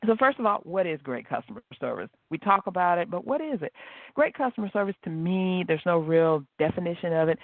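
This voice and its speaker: A high-voiced man hosts a solo motivational podcast, telling stories with animation and acting out quoted dialogue. The line is dry, with no echo, and sounds tinny like a phone.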